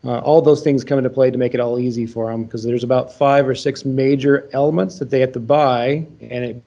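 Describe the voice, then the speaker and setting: Male founder as podcast guest, mellow voice, explanatory with frequent fillers, dull lo-fi remote audio. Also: medium pitch, steady tone, a little fast, gravelly. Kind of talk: casual business explanation.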